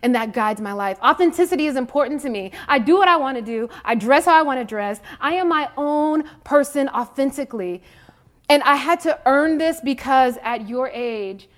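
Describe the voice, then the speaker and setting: A woman's voice: high voice, expressive, moderate pace. A woman, giving a candid, emphatic personal talk to young people and repeating phrases for stress. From Mississippi, USA. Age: 40s. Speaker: faith speaker addressing youth.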